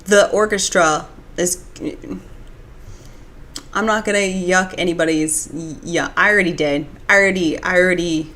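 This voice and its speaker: A woman's voice: lowish voice, fairly even intonation, moderate pace, fairly bright tone. A young woman streaming live, chatting casually and reading out viewer comments, rambling with lots of restarts and filler words. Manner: rambling, restarts, many "like"s, reads chat comments aloud.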